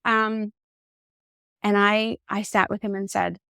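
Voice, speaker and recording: A woman in her forties, a podcast guest, telling a personal story in an expressive, candid way. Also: mid-range voice, slow, vocal fry, clear, resonant tone, dry recording, clean studio sound. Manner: candid and reflective.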